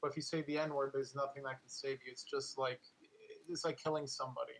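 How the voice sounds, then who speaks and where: A man's voice: mid-range voice, flat delivery, quick pace, a bit bright, a little hiss or hum, low-quality recording. A man in casual political chat on a podcast, rambling and sarcastic, full of restarts and filler words.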